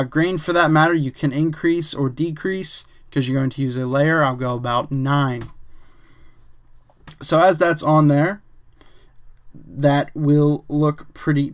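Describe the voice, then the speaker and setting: A man casually teaching a photo editing technique step by step, thinking aloud with fillers and the odd "bam". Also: on the high side. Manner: relaxed, chatty, says "bam" and "um", thinks aloud while working. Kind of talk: casual screen-recorded tutorial.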